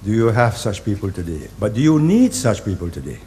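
Old guy in his 80s giving a speech, low voice, slow halting phrases, leans hard on words, faint hiss. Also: big pitch swings. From Singapore. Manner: deliberate, halting phrasing with forceful emphasis on key words. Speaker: invited speaker. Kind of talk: public speech.

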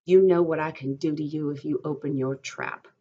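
A woman's voice: low voice, fairly even intonation, moderate pace, mellow, breathy edge. A woman reading aloud, voicing a scornful, taunting young ranch wife in a dull lo-fi recording. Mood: menacing.

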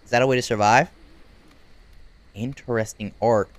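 A gaming YouTuber giving unedited play-by-play commentary, talking in casual slang and reacting loudly to what happens on screen. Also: medium pitch, normal speed, dry recording. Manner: excitable, reacts loudly to game events; casual slang-filled chatter. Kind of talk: unedited live gameplay commentary.

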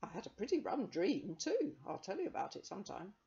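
A woman's voice: medium pitch, huge pitch swings, a little fast, creaky, mellow, dull audio, pitched above the performer's own voice. A woman voicing a cheerful, breezy young man who talks in a bluff, chatty way.

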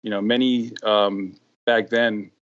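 A man's voice: on the low side, little pitch movement, slow, a bit bright. A middle-aged man with a New York accent, chatting as a guest on a podcast, rambling with many fillers and restarts. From New York, USA. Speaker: guest occupational therapist. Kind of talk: casual interview chat. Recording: dull lo-fi sound.

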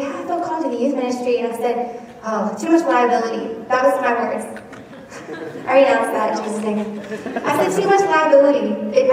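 A woman's voice: sits high, darkish tone. A woman youth pastor giving an earnest, emotional farewell address to graduating youth in a church hall. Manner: earnest, emotional, laughs between lines. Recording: echoey hall from far off, faint noise.

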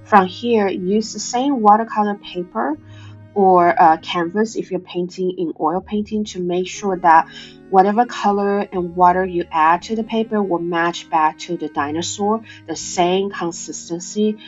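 Nasal woman with a cold, art tutorial host, chatty and joking, lowish voice, slightly dull audio over music. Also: unhurried, slightly rough. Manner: chatty, self-deprecating, joking. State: has a cold.

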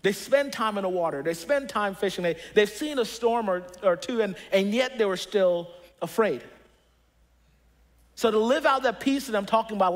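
A young adult man preaching with a high, light voice, talking to his congregation in an earnest, conversational way. He tells stories and often stops to restart his sentences. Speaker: pastor. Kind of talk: sermon.

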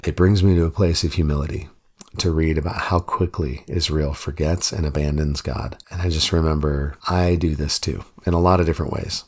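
A man with a deep, low voice reflects on a Bible passage in an earnest, conversational way. His tone is gravelly and a little husky. He sounds like a pastor talking through a reading with his listeners. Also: darkish tone.

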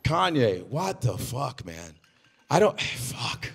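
A man doing improvised stand-up comedy, loud and animated, swearing and shouting his punchlines. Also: medium pitch, slow pace, vocal fry, breathy edge, long reverb tail.

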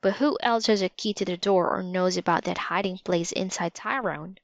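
A woman's voice: lowish voice, normal speed, close to an everyday voice. A woman reading the lines of an insistent, suspicious young boy in a storybook. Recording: slightly dull lo-fi recording.

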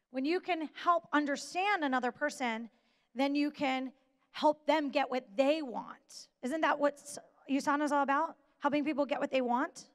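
A woman giving a motivational talk to an audience, emphatic and deliberate, with pauses for weight. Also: sits high, vocal fry. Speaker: motivational speaker. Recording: long reverb of a large hall.

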